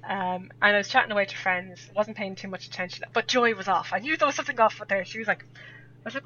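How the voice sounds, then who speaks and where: A woman's voice: medium pitch, fast, sharp tone, a little hiss or hum. A young Irish woman telling a rambling story in casual chat, laughing often as a podcast guest. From Ireland. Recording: dull lo-fi audio.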